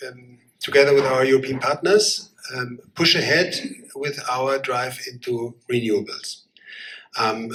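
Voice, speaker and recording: A man fields audience questions as an ambassador. He talks haltingly, with frequent fillers and repeated words. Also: mid-range voice, bright, forceful tone, rough recording. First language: German. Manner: halting, many fillers and restarts. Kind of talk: answering audience questions at a panel.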